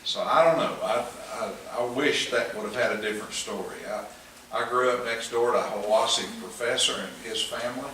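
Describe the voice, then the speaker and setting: A man's voice: medium pitch, brisk, pushed and bright. A man with an East Tennessee accent teaching a Sunday school class, folksy and joking, chuckling often. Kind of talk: casual church class talk. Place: church classroom. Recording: echoey room, mic far off, noisy.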